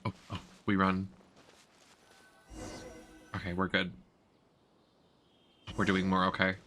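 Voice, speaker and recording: A man's voice: sits low, completely flat delivery, takes it slowly, bright, forceful tone, soft background music. A man with a Boston accent chatting crudely and playfully while streaming a game, laughing often. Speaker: gaming streamer. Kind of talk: casual gameplay stream chat.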